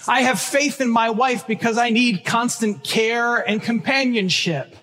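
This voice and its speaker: A man preaching a sermon as pastor, earnest and emphatic, slowing down to stress key phrases. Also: very high voice, bright, forceful tone. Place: church sanctuary. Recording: long church reverb.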